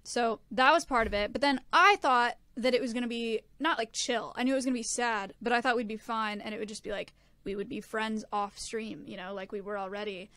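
A woman's voice: a little high, fairly even intonation, brisk, sharp tone. A young woman co-hosting a podcast, explaining her side in a frank, casual way. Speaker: podcast co-host. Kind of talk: casual chat.

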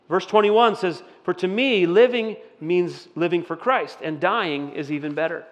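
A man's voice: high voice, moderate pace, few pauses, big-room sound, highs cut off. A man preaching a conversational sermon as a pastor, asking his listeners questions. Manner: conversational, asks the audience questions. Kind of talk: interactive sermon.

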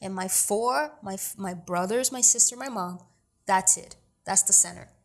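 A woman's voice: mid-range voice, normal speed. A young woman, talking bluntly and emphatically as an interview guest. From New York City. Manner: blunt, emphatic and streetwise, with repeated "you feel me". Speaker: guest, actor and producer. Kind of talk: casual interview talk.

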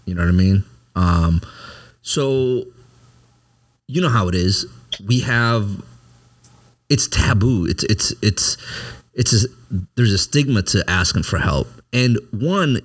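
Brief: man with a fairly low voice, candid storyteller, profane and animated. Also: husky. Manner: profane, animated, repeats "you know what I mean". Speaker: service member telling his story.

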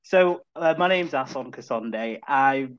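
A man's voice: medium pitch, expressive, unhurried, a bit bright, highs cut off. A man in his thirties from Zambia, a podcast guest talking in an upbeat, chatty way with many restarts. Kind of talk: casual chat.

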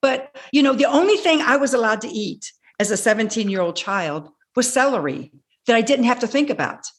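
A woman in her sixties, a guest telling her personal story with animated delivery, acting out her own past words. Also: a little high, a little fast. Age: 60s. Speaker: guest speaker.

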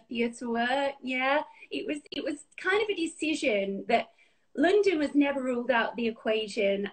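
A young woman with a Yorkshire accent, an actor and presenter, chatting with a bubbly, laughing manner in a bright room at home over a video call. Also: on the high side. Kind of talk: casual video-call interview.

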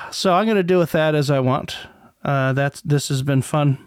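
Middle-aged male host, unhurried, smooth clear voice; rambling and profane. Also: fairly high pitch, dry recording, clean studio sound. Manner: rambling, profane, many restarts. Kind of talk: casual commentary monologue.

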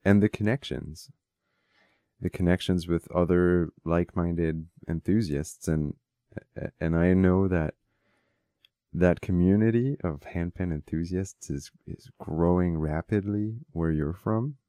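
A man with a deep, mellow voice talks as a podcast guest. He lays out ideas in a thoughtful, measured way. The recording is close and dry. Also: no echo. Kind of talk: casual conversation.

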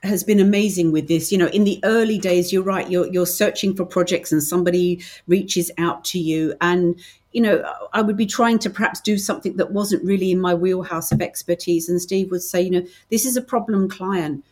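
A middle-aged British woman with a fairly low voice talks easily as a podcast guest. She tells stories in a chatty way and restarts her sentences often. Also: fairly even intonation, a little fast. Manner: chatty, warm storytelling with many restarts. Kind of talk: casual interview chat.

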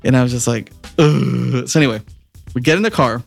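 A man co-hosting a podcast, telling stories in a casual, animated, profane way, often laughing. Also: mid-range voice, racing, gravelly, faint music behind. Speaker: podcast co-host. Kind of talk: casual chat, storytelling.

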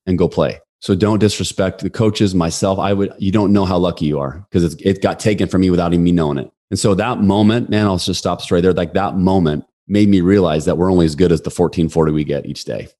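A man in his forties tells a story as a podcast guest. His voice sits low and he rattles along quickly. He acts out the quotes with animated energy. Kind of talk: storytelling in a casual interview.

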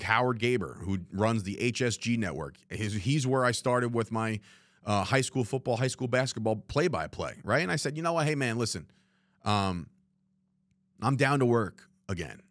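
Low-voiced candid New man podcasting. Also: a bit bright, dry recording, studio quality. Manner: candid and rambling, swearing, frequent "you know what I mean". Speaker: podcast host. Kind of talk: reflective solo podcast monologue. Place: studio room, alone.

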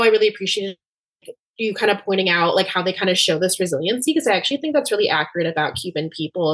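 A woman's voice: on the low side, fairly bright tone. A woman chatting as a podcast guest, talking freely with lots of fillers and restarts. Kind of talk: casual chat.

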